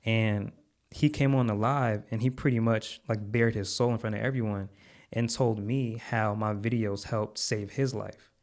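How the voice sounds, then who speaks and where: A man with a fairly low voice tells a story in earnest, heartfelt conversation. He repeats words and leans on fillers as he goes. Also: steady tone, measured pace, a little mellow. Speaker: podcast guest, content creator.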